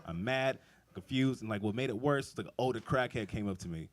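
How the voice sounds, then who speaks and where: A man's voice: medium pitch, a little fast. A young man doing a stand-up comedy set, telling rambling, profane stories and laughing often. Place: outdoor backyard show.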